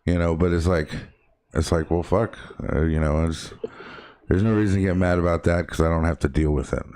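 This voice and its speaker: Low-voiced male co-host, loose rambling talker. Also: steady tone, fairly quick, a little mellow. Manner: rambling, laid-back, lots of fillers. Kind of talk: casual chat.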